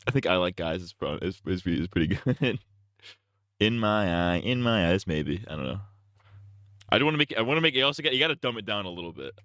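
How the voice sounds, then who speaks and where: A man streaming, talking to himself as he works out parody song lyrics, trying lines out loud with bursts of sung falsetto. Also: animated, a little fast, no echo. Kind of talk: casual livestream chat.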